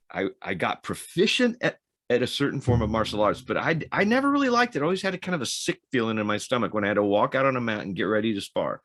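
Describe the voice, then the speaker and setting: A man with a fairly low, slightly bright voice co-hosts a podcast, recorded cleanly in a studio with no echo. A former Navy SEAL, he tells rambling anecdotes in a casual storytelling chat, with restarts and laughter along the way.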